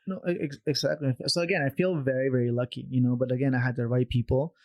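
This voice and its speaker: A man, a podcast guest, telling stories in a conversational way, animated and acting out quoted voices, with many restarts. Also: medium pitch, fast talker. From Canada. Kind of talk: conversational storytelling.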